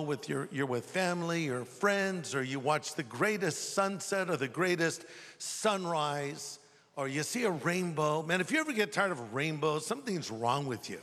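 Pastor, animated humorous storyteller, bright ringing tone, reverberant hall. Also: male voice, fairly high pitch. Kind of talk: sermon.

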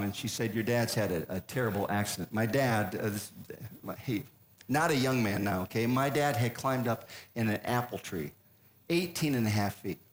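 An older man telling a humorous personal story to a live audience, with deadpan punchlines and measured pauses. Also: mid-range voice. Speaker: speaker.

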